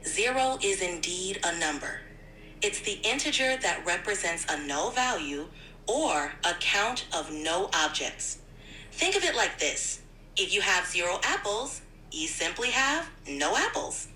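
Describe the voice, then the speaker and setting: A synthetic female AI assistant voice, upbeat and polite, smoothly helpful in conversation. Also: on the low side, sing-song, a little slow, sharp tone, reverberant, slight background noise, low-quality recording.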